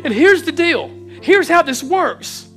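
A male pastor delivers a sermon to a congregation in a church. His voice swings from hushed, intimate storytelling to loud, fervent preaching, with soft instrumental music playing faintly underneath. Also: extremely high pitch, big pitch swings, slow. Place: church hall before a congregation.

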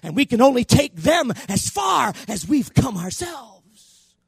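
Male pastor, high lively voice, dry close sound, impassioned sermon delivery. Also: unhurried, gravelly, husky, no room sound. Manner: impassioned preaching, shouting at peaks. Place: church.

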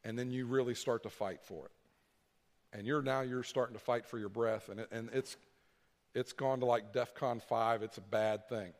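A man's voice: medium pitch, steady tone, moderate pace, long reverb tail. A man preaching a sermon, repeating key phrases for emphasis and acting out what people would say. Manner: preaching with emphatic repetition and acted-out quotes. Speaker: pastor.

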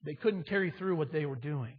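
A man preaching a sermon, retelling a scripture story dramatically, moving between loud emphasis and hushed reading. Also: a little high, lively intonation, fairly quick, slightly rough. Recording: dull reverberant hall sound.

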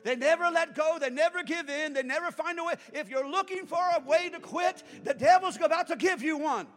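A man in his sixties, a pastor preaching a sermon that swells into fervent shouting. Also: very high voice, fairly quick. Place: church sanctuary. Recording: reverberant church hall with music.

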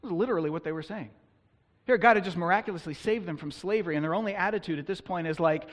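Male pastor, animated sermon delivery, slightly high voice, long reverb of a big hall. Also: racing. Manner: animated, acts out quoted complaints.

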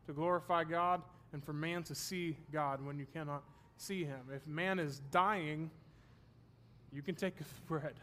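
A man's voice: on the high side, fairly even intonation, measured pace, sharp tone, a little hiss or hum. A man teaching a Bible study class, explaining terms and checking that his students follow, with the odd self-deprecating joke.

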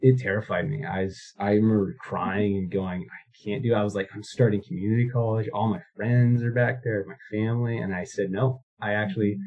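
A man's voice: on the low side, fairly even intonation, a little fast, few pauses, dull audio. A man in his thirties, a guest recounting his life story in a casual interview, rambling with many fillers and restarts.

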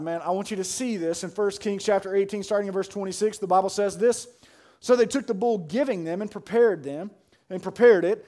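A male pastor preaching a sermon, casual and colloquial, swinging from hushed talk to shouting. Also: high voice, steady tone, brisk. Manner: colloquial, says "man" and "y'all".

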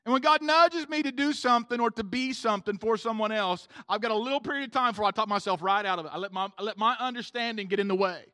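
A man preaching with a very high, bright and forceful voice. His delivery is loose and slangy, full of asides, and he keeps turning to the congregation for agreement. The sound is close and dry. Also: dry recording. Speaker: pastor. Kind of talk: sermon. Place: church room with a congregation.

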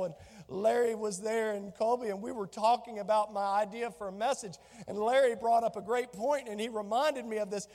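A male pastor delivers an animated sermon, slipping into the voices of the people in his scripture story. His voice sits very high for a man. The sound carries the long reverb of a church hall. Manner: animated preaching, acts out biblical dialogue.

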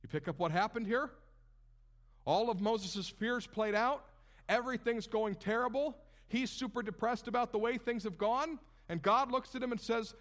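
A man preaching a sermon in a conversational, animated way with casual asides. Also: very high-pitched, normal speed. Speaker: pastor.

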